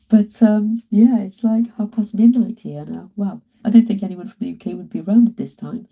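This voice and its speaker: A woman's voice: mid-range voice, normal speed, vocal fry, mellow, husky. A woman with a British accent, chatting casually to viewers on a live stream from home while she paints, greeting and thanking them by name. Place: at home, indoors.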